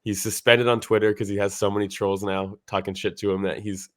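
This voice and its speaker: A podcast co-host with a lowish, level voice talks briskly through a casual breakdown of a fight. He rambles, packs his speech with "like," and laughs as he retells what happened. The studio-quality recording has no room sound.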